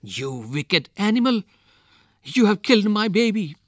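A man voicing a young village mother in a read-aloud folk tale, his voice lifted high and strained with worry. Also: very animated, a little slow, dry recording, studio quality. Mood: hysterical.

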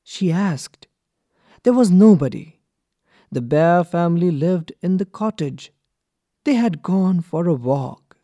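A man reading a children's story aloud from a textbook, clear and deliberate for young learners. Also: sits high, expressive, dark tone, no echo, studio quality. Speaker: textbook reader. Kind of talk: slow expressive storybook reading.

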